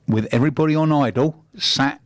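A man's voice: on the high side, brisk, no echo, studio quality. A man, middle-aged, co-hosting a radio chat with an emphatic, argumentative, lecturing manner. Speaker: radio co-host.

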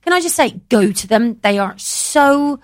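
A woman co-hosting a radio show, teasing her co-host and chatting in a playful, expressive way. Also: fairly high pitch, measured pace. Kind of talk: casual radio chat.

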